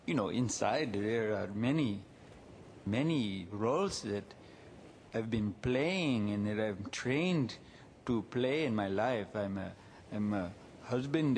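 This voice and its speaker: A man hosting a podcast, talking calmly and unhurriedly in a reflective monologue, lingering on words. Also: medium pitch, a little hiss or hum. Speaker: podcast host.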